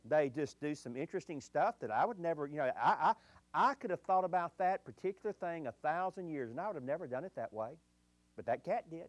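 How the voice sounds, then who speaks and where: Male pastor, higher voice, folksy storyteller with punchy pauses, close dry mic. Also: lively intonation, no echo. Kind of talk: sermon.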